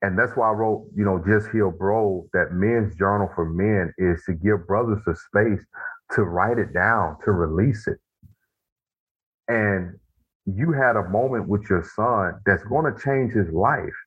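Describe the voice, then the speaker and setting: A man with a very deep, husky voice speaks reflectively and weighs his words slowly when he makes a point. His voice comes through a narrow, tinny, phone-like line. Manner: reflective, slow and deliberate when making a point. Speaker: guest, author of a men's journal. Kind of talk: casual heartfelt conversation.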